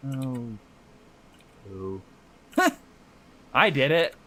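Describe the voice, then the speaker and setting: A man's voice: mid-range voice, sing-song, very slow, bright, forceful tone. A man co-hosting a podcast in loose casual chat, swearing freely and laughing often while he draws. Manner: talks while drawing. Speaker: podcast co-host.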